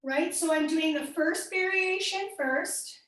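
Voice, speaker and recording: A young woman with a Midwestern accent teaches a workout class, her high voice bright and encouraging as she counts down and calls out names. She sounds far from the mic in a very echoey room. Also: slow. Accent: American Midwestern. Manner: upbeat, cueing and encouraging class members by name. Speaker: fitness instructor. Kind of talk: live workout class instruction.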